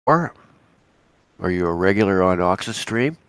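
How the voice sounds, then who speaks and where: A man with a very low, gravelly voice, roughened by a head cold, talking live. He rambles casually through market commentary, often stopping and restarting his sentences. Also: lively intonation, unhurried, no room sound. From Canada. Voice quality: raspy. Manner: rambling, chatty, with frequent restarts and asides. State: hoarse from a cold. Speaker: co-host of a live futures trading stream.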